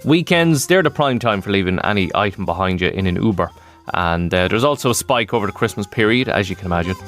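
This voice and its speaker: A man presenting a breakfast radio show in a chatty, animated way. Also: deep voice, fast, faint music behind. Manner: chatty, animated, asides and fillers.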